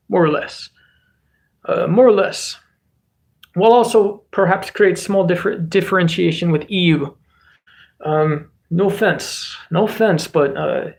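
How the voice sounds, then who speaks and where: A pompous military strategist gives orders in clipped, broken English with a mock Russian accent, as a man puts him on. His voice sits fairly high for a man and stays commanding throughout. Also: gravelly.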